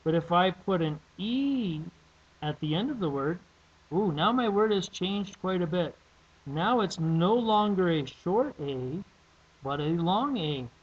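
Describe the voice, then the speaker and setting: A male teacher walks through a spelling and phonics lesson at a slow, deliberate pace. His voice sits a bit high for a man, and he repeats each word carefully. The recording is somewhat dull and lo-fi. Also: animated, husky. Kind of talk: classroom lesson video.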